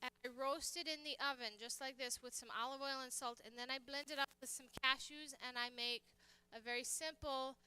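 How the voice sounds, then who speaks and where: In a church hall kitchen, a guest chef from the United States talks and shares anecdotes while cooking for a live demonstration. She speaks briskly with few pauses, in a high, sharp voice with fairly even intonation.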